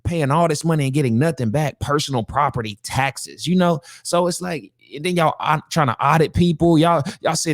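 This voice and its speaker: A man's voice: on the high side, a little fast, creaky, few pauses, no echo, studio quality. A man hosting a podcast, ranting heatedly and profanely in casual reaction commentary. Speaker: podcast host.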